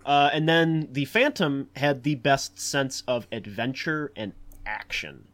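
A man's voice: mid-range voice, takes it slowly. Rambling man hosting a film chat. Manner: rambling, many fillers and restarts; animated, acts out quotes in a raised voice. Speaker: podcast host. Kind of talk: casual film discussion.

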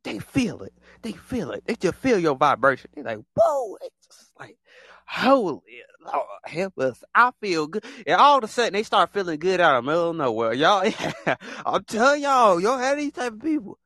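A man hosting a casual monologue, talking in an animated, repetitive way and acting out other people in quick put-on voices. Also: high voice, no echo. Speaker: podcast host.

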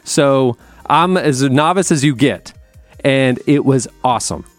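A man's voice: medium pitch, a little slow, no echo, soft background music. A man hosting a podcast from a studio, telling stories in an enthusiastic, chatty way and reading an ad. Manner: chatty, enthusiastic storyteller with restarts. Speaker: podcast host. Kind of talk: casual chat and host-read ad.

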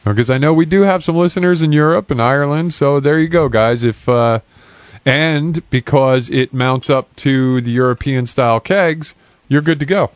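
A man's voice: mid-range voice, moderate pace, no echo, highs cut off. A man hosting a casual podcast, chatty and laughing often, swearing casually. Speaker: podcast host.

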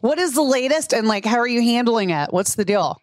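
A woman's voice: on the high side, lively intonation, brisk, no room sound, clean studio sound. A woman hosting a podcast, asking questions in a laid-back, joking way. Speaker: podcast host. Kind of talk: casual chat.

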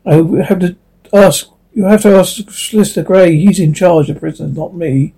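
Guy playing a whiny cowardly officer, high voice, mellow tone. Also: moderate pace, creaky, husky, full character voice, low-quality recording. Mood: whining. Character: cowardly, peevish male officer.

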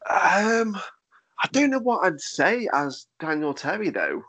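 A man hosting a podcast in casual chat, with a nasal, fairly monotone voice, swearing and laughing easily. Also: high-pitched, measured pace. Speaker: podcast host.

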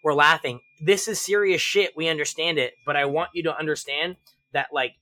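A man as a podcast guest, telling stories animatedly, swearing freely and acting out shouted range commands. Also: fairly high pitch, steady tone, normal speed. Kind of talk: casual interview chat.

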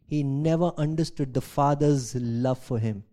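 A man, a pastor, preaching a sermon, reading scripture aloud and asking rhetorical questions, swinging from loud emphasis to quiet asides. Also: medium pitch, a little slow. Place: church.

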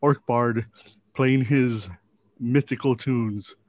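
A man's voice: medium pitch, fairly even intonation, slow pace. A man narrating as game master of a tabletop game, with joking asides and frequent laughs.

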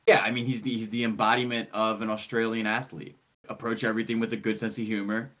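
A man's voice: medium pitch, steady tone, a little fast, fairly bright tone. A man co-hosting a podcast, giving an enthusiastic, rambling recap of a player's career. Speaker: podcast co-host. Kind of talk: casual sports podcast chat.

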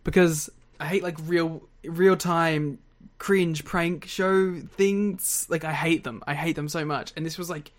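Animated podcast co-host, quick to laugh. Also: mid-range voice. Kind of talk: casual chat.

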